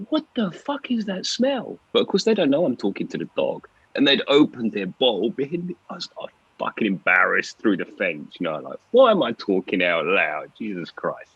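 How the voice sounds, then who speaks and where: A man's voice: low voice, gravelly, a bit bright, slightly rough, dry recording, muffled recording. A man telling a rambling, self-deprecating story in casual chat.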